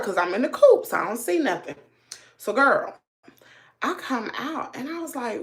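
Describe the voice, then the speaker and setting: A middle-aged woman with a Southern US accent, hosting a livestream and telling a story in a relaxed, chatty way while doing her makeup. She is animated and sometimes drops to a hushed near-whisper. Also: a little high, a little slow, long pauses. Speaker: livestream host. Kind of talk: casual storytelling chat.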